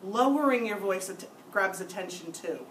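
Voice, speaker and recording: A woman's voice: mid-range voice, lively intonation, normal speed, a bit bright, a little hiss or hum. A woman leading a classroom discussion, firm and emphatic, repeating her key points. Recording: echoey room, mic far off.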